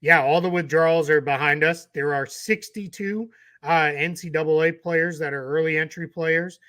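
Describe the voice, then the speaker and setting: A man's voice: on the high side, steady tone, moderate pace, pushed and bright. A tired man with a Boston accent, co-hosting a casual sports podcast and rambling through his points. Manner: chatty, rambling with restarts. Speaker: co-host.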